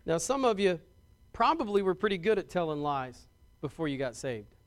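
A man's voice: on the high side, big pitch swings, moderate pace. A man preaching a sermon to his congregation in a conversational way, often restarting and repeating words and asking the congregation questions. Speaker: pastor.

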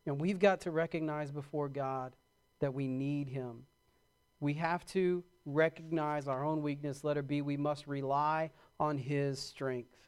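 A man's voice: on the high side, fairly even intonation, clean tone. A middle-aged man preaching a sermon as a pastor, building emphasis and acting out short asides. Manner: preaching with rising emphasis and quick acted-out asides.

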